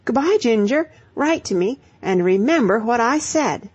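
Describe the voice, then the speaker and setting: A woman reading an audiobook voices a spirited young woman who lectures emphatically, pitched higher than her narration. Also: animated, a little slow, darkish tone, husky, dull audio. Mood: hurried. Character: spirited young woman giving brisk advice.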